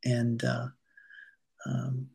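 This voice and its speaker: Gravelly, husky-voiced man, calm and halting. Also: mid-range voice. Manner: calm, halting with many fillers and restarts. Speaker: yoga teacher, guest. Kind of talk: conversational interview, guiding a breathing exercise.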